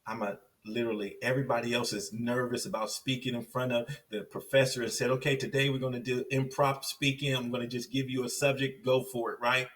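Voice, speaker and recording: A man from Compton, California, speaks as a podcast guest. His voice sits at a middle pitch, and he tells his story with energy, repeating lines for emphasis. He sounds a little distant from the microphone. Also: little pitch movement, brisk, few pauses, a bit bright. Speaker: podcast guest, success coach.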